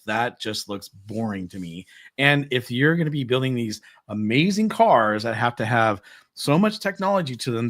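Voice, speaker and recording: Man, podcast co-host, casual opinionated chat, sarcastic, mid-pitched voice. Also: a bit bright, dry recording, studio quality. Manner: sarcastic, mocks with exaggerated put-on quotes.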